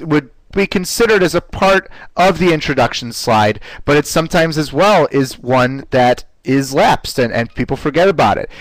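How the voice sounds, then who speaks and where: Energetic man coaching a webinar class. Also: medium pitch, dry recording, poor audio. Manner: energetic, coaching, repeats words as he goes. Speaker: webinar instructor. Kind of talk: live online class.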